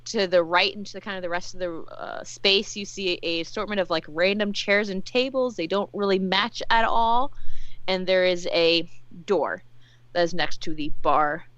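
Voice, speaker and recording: A woman's voice: lowish voice, moderate pace, fairly bright tone, no echo. A woman running a tabletop game as game master, describing scenes in loose narration with many fillers. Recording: dull lo-fi dry sound.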